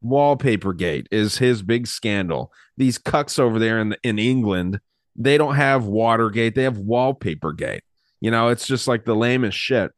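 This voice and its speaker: A man's voice: mid-range voice, animated, normal speed, no echo, clean studio sound. Swearing, rambling male podcast host. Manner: rambling, swears casually, reads from notes. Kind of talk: casual podcast chat.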